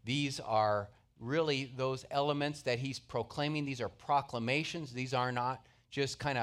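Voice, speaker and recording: A middle-aged pastor preaches in an earnest, conversational manner, mixing stories into his teaching. His voice sits at an ordinary mid pitch for a man. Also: moderate pace, few pauses, a bit bright. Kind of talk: sermon.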